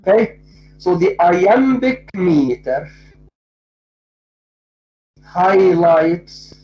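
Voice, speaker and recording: Lecturer, very slow and methodical, poetry class, dull lo-fi sound. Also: medium pitch, animated, dark tone. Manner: slow, deliberate, repeats and spells out points. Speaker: literature lecturer. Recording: dull lo-fi recording.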